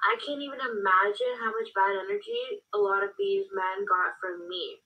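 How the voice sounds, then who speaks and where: Gravelly, rambling woman, distant mic. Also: medium pitch, big pitch swings, normal speed, dull audio. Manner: rambling, many fillers. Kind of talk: casual vlog, snack tasting.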